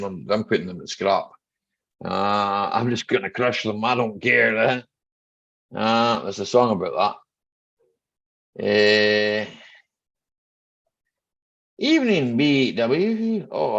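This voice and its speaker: A middle-aged mechanic hosts a rambling, joking livestream chat, greeting viewers by name. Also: male voice, fairly low pitch, creaky, fairly bright tone. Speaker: mechanic hosting a live chat stream. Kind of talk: casual livestream chat reading viewer comments. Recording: dull lo-fi stream audio.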